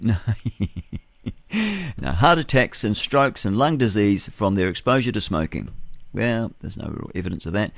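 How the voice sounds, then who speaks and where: Man, New Zealand accent, radio host, lowish voice, dry close studio sound, rambling and forthright. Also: big pitch swings, normal speed, creaky, no echo. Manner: rambling and forthright, with chuckles and self-corrections. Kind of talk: opinionated talk radio monologue.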